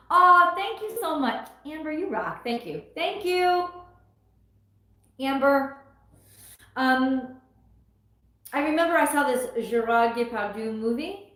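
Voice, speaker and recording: A woman's voice: high-pitched, lively intonation, measured pace, pauses often, bright, forceful tone. A woman from the US East Coast giving a casual live tarot reading, chatty, laughing often and exclaiming as the cards come up. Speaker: tarot reader on a livestream. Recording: very echoey room.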